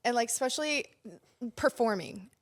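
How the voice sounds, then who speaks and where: A woman's voice: fairly high pitch, expressive, moderate pace. A woman co-hosting a casual chat, playful and bubbly. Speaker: co-host.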